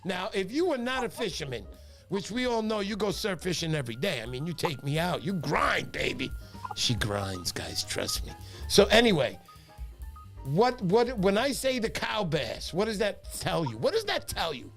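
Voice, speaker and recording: High-pitched guy hosting a fishing livestream, lively storyteller, faint music in the back. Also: normal speed, vocal fry. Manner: animated storyteller, shouts out viewers. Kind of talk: casual livestream chat.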